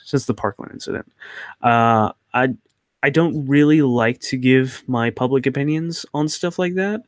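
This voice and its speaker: A man's voice: medium pitch, a bit bright, no room sound, clean studio sound. A young man hosting his channel, answering viewer questions in a rambling, hesitant way with many fillers and restarts. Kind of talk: casual Q&A chat.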